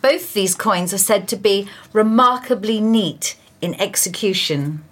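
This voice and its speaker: A woman on the radio reading historical news items with expressive storytelling. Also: mid-range voice, measured pace.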